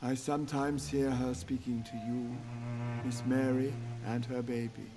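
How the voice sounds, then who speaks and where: A man's voice: mid-range voice, little pitch movement, a little slow, close to an everyday voice. An actor voicing an elderly, loyal male butler who speaks formally and deferentially, in video game dialogue. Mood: sorrowful. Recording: game audio with loud music behind.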